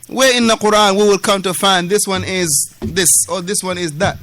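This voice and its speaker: A man's voice: sits high, normal speed, few pauses, bright, forceful tone, dry recording. A man from West Africa giving a lesson in a mosque, emphatic, repeating key phrases and mixing street slang with Arabic terms, acting out the quoted dialogue. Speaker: Islamic lecturer. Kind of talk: mosque lesson explaining a classical text.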